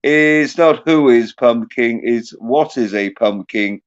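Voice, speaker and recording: Halting slow-talking male host. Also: medium pitch. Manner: halting, profane, joking. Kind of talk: casual livestream chat. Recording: muffled lo-fi audio.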